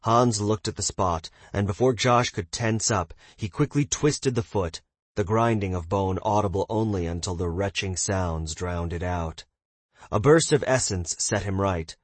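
A man's voice: measured pace, no echo. A man narrating a fantasy novel as an audiobook reader, doing the characters' voices himself. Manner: reads narration evenly, voices characters with shouts and raised pitch.

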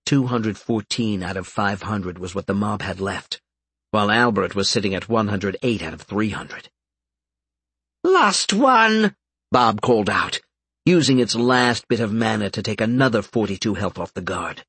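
Husky low-voiced male narrator. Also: moderate pace, no room sound. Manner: steady, matter-of-fact reading of game stats. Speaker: audiobook narrator. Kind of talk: scripted narration.

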